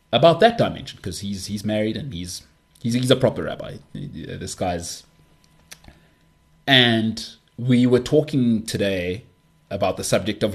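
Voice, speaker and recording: A man talking in a relaxed solo podcast monologue, with a somewhat low voice. He rambles, restarts his sentences and pokes fun at himself as he muses. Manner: rambling, self-deprecating, many restarts. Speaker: podcast host.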